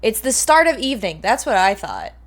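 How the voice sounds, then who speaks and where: A woman's voice: mid-range voice, huge pitch swings, brisk. A woman in her twenties chatting casually on a livestream, rambling and playful, swearing now and then. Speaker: streamer.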